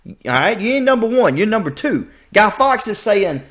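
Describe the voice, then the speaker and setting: Southern US man, reaction host, lively up-and-down delivery, casual and chatty. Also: high-pitched, moderate pace. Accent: Southern American. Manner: animated, repeats himself, thinks out loud.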